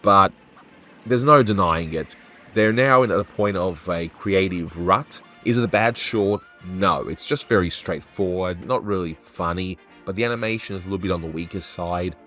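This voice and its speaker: A man's voice: sits low, normal speed, bright, forceful tone, soft background music. A man hosting a cartoon review talk, giving plain, matter-of-fact verdicts. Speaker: host.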